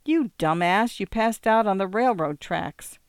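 A man reads a gruff police officer with a soft spot, scolding a drunk he knows well. The voice is smooth and crisp, recorded close in a dry room. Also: sits high, lively intonation, unhurried, no room sound, pitched above the performer's own voice. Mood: gruff concerned. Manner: gruff but caring. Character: blunt, kindly male police officer.

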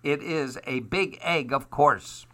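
A man's voice: on the high side, slow, bright, forceful tone, voice pushed up. A man reading a storybook aloud, voicing a proud, stubborn male goose who huffs and argues. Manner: stubborn, huffy, self-important.

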